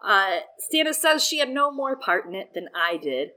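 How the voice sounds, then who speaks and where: A woman's voice: mid-range voice, moderate pace, low-quality recording. A woman chatting casually on a podcast, retelling a book chapter, swearing freely and acting out the characters' lines. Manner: lively, profane, acts out characters' lines.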